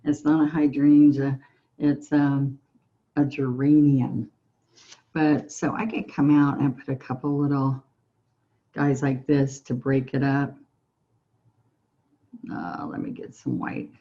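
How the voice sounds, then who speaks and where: With a bass voice, long pauses and an unhurried pace, a Southern-accented woman guides a relaxed painting tutorial, calmly encouraging her viewers through each brushstroke. The sound is lo-fi.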